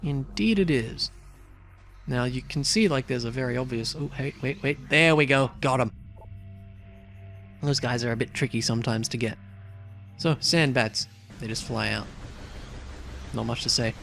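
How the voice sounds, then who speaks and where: A man's voice: medium pitch, normal speed, gravelly, pauses often, fairly bright tone, faint music behind. A young man casually commenting on a video game as he plays, chatty and rambling, with lots of fillers and asides. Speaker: let's play host.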